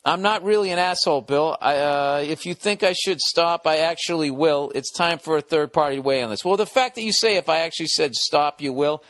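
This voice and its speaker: Male podcast host, slightly high voice, dry close sound, reads letters and riffs bluntly with swearing. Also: brisk, hardly any pauses, a bit bright, dry recording. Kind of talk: casual comedic monologue.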